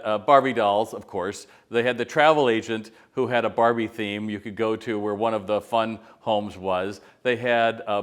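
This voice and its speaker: A middle-aged man giving casual, conversational retail business advice straight to camera and acting out quotes as he tells stories. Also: fairly low pitch. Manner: conversational storyteller, acts out quotes. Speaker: retail consultant.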